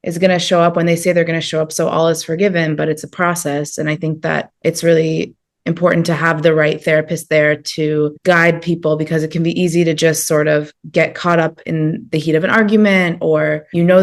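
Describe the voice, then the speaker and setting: A woman hosting a podcast interview, asking thoughtful, searching questions. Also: deep voice. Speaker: podcast host.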